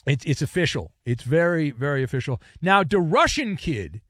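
A man's voice: a little high, sing-song, normal speed, a bit bright, dry recording, clean studio sound. A man hosting a sports talk radio show, playful and theatrical, with joking asides and repetitions. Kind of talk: sports talk radio with live-read ads.

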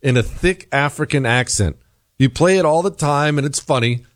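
A man's voice: on the high side, moderate pace, dry recording, studio quality. A man hosting a talk radio show, delivering an emphatic monologue full of rhetorical questions.

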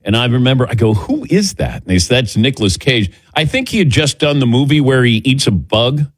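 A man's voice: mid-range voice, a little fast, dry recording. A man hosting a sports radio talk show, joking loosely and tossing to his crew by name. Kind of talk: casual radio show chat. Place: radio studio. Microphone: studio microphone.

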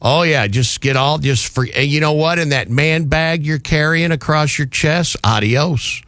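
A man's voice: fairly high pitch, unhurried, fairly bright tone, dry recording. A man hosting a talk radio show, delivering mocking, sarcastic commentary on a studio microphone.

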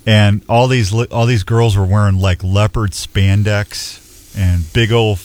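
A man's voice: on the low side, fairly even intonation, unhurried, darkish tone. A man in his sixties hosting a radio show, telling rambling folksy stories and reading out announcements. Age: 60s. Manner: rambling storyteller, folksy, many restarts. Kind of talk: casual radio chat with announcements.

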